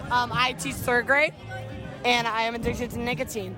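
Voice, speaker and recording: A woman's voice: on the high side, level tone, normal speed. A woman interviewed outdoors at a tailgate, talking bluntly in a tipsy, rambling way. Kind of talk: casual chat at a tailgate. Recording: noisy outdoor crowd recording. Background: crowd and music.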